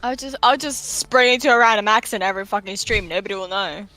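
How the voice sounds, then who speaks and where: Brash bright-voiced woman player. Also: mid-range voice, fast, rough recording. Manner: brash, swears freely. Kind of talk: casual tabletop chat.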